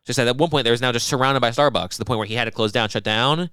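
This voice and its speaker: A man's voice: medium pitch, rapid-fire, pushed and bright, smooth, no echo, clean studio sound. A young man co-hosting a podcast, rambling and swearing casually as he retells stories and imitates the people in them. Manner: rambling, profane, mimics people in quoted voices. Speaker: podcast co-host.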